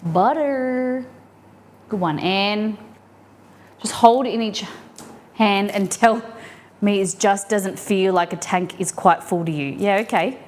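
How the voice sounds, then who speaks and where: A woman's voice: mid-range voice, steady tone, a little slow, a little mellow. A young adult woman chatting casually while cooking on a live stream from her home kitchen, playful and rambling with giggly asides.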